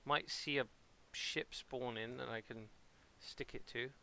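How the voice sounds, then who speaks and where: Gravelly Portsmouth man streaming a game. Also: mid-range voice, steady tone, measured pace, pushed and bright. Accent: Portsmouth English. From Portsmouth, England. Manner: rambling, playful and self-mocking. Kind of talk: casual live-stream commentary.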